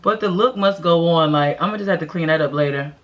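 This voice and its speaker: A young woman casually telling a dramatic story to camera, full of loud laughs, sudden shouts and hushed whispers. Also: low voice, fast. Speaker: vlogger.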